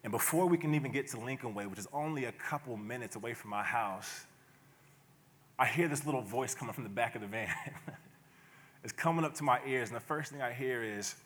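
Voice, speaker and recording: A man preaching a sermon to his church in a relaxed, conversational way, often chuckling and slipping into playful asides. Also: mid-range voice, fairly quick. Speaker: pastor. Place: church sanctuary.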